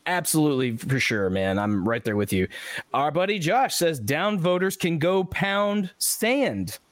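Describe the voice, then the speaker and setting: A man's voice: fairly high pitch, no echo. A man hosting a podcast, chatting casually and reading out listener comments with frequent laughs and fillers. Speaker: podcast host.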